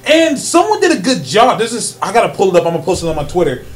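A man co-hosting a casual podcast chat, animated, laughing often and filling pauses with ums. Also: soft background music. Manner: rises loud and high when excited. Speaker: podcast co-host.

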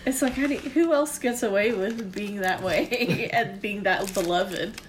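A woman's voice: medium pitch, a little slow, slight background noise. A woman chatting casually, adding short amused remarks. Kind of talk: casual chat.

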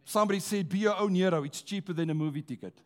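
A high-pitched man gives a rousing sermon in a church, slowing at moments for emphasis and inviting the congregation to call back.

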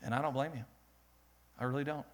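A young man preaching a sermon, animated and laughing, rising to loud peaks and dropping to a soft, earnest tone. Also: medium pitch, quick pace. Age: young adult. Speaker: pastor.

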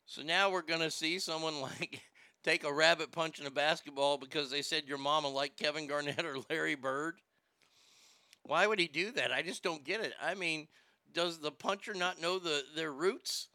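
A man's voice: fairly high pitch, normal speed, pushed and bright, clean tone, no echo. A man hosting a show, giving casual comedic commentary in a profane, irreverent way. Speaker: show host.

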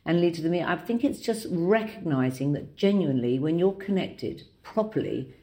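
A woman chatting casually as an interview guest, animated and warm-hearted in her telling. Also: fairly low pitch, normal speed. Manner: animated, breaks into playful put-on voices.

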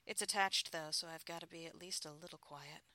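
A woman reading the lines of a playful adult husband teasing his wife over the phone, in a low murmur. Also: fairly even intonation, a little fast, bright, forceful tone, no room sound.

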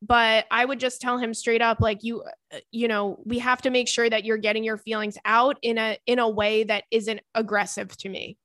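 A young woman hosting a casual advice podcast, chatty and animated, often laughing while she reads listener emails aloud. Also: fairly high pitch, moderate pace, no echo, studio quality. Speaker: podcast host giving advice.

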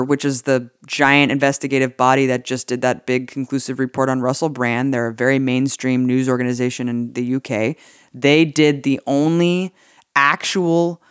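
A woman's voice: extremely low pitch, no echo. A woman co-hosts a political talk podcast in a casual, indignant way. She swears freely and fills her talk with "like." Her voice sits close and dry, with no room around it. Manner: indignant, profane, many "like" fillers. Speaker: podcast co-host.

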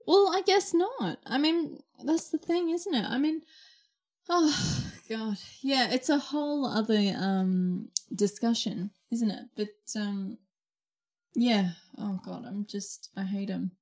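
Speaking slowly in a slightly high voice, a young adult woman tells stories in a chatty, exclamatory way. It's lively, casual conversation.

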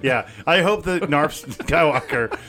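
A man's voice: a little high, expressive, a little slow, pushed and bright. A man co-hosting a podcast in casual chat, rambling with many fillers. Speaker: podcast co-host.

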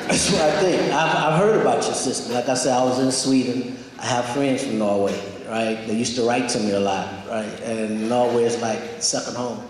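A man's voice: mid-range voice, a little fast, hardly any pauses, slight background noise. Male guest speaker, casual and emotional, echoey hall. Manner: warm, laughs easily, emotional. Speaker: guest speaker taking audience questions. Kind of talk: casual Q&A talk. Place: large hall with audience.

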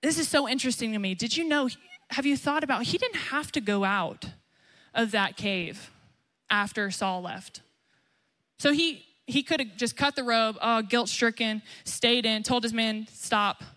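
A woman's voice: unhurried, bright, forceful tone. A young woman pastor preaching a sermon emphatically, acting out quotes as she goes. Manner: emphatic, acts out quotes with rising pitch.

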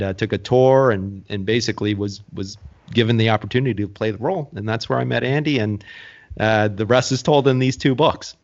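Measured low-voiced man. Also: lo-fi sound. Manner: measured, steady recounting with fillers. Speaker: guest actor. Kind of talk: casual interview talk.

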